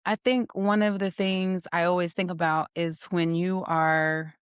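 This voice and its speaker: A woman hosting a podcast, telling a story in a playful, teasing, animated way. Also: on the low side, a little slow, clear, resonant tone, no room sound, clean studio sound. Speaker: podcast host. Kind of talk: casual conversational storytelling.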